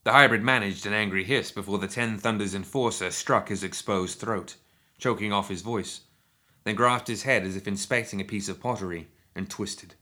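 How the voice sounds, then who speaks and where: Bright-toned male audiobook narrator. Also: fairly low pitch. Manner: steady, measured storytelling.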